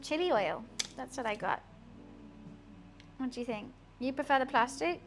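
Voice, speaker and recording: A woman's voice: high voice, animated, normal speed, music in the background. A young woman chatting casually on a cooking live stream, rambling through asides in her home kitchen.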